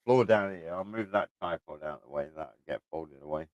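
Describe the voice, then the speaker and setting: A man's voice: very deep voice, a little fast, no echo, highs cut off. A middle-aged man chatting casually at home, rambling, chuckling and swearing freely as he talks to camera. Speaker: vlogger. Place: room at home, indoors.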